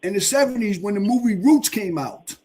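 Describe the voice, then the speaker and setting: A man's voice: sits high, animated, a little fast, mellow, breathy edge. A man in his fifties, pressing a guest with insistent, repeated questions in a debate. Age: 50s. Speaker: panelist.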